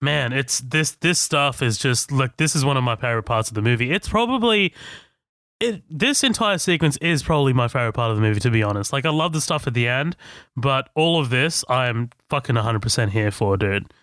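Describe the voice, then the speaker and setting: An enthusiastic man chatting casually on a movie podcast, swearing freely and breaking into laughter. His voice sits in an ordinary middle pitch. It is recorded close and dry, with almost no room sound. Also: expressive, a little fast, a bit bright, no echo. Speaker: podcast co-host. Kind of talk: casual movie commentary chat. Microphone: podcast microphone.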